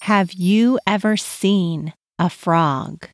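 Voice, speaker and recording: A woman hosting a children's podcast, leading a slow, soothing breathing and movement exercise with sing-song chanting. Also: mid-range voice, soft background music. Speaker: podcast host guiding parent and child. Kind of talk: guided calm-down exercise for kids.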